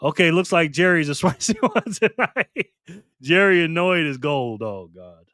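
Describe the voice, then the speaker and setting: A man's voice: on the high side, expressive, a little slow, fairly bright tone, no echo, studio quality. Playful man hosting a live stream. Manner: playful, teasing, laughs often. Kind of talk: casual live stream chat reading viewer comments.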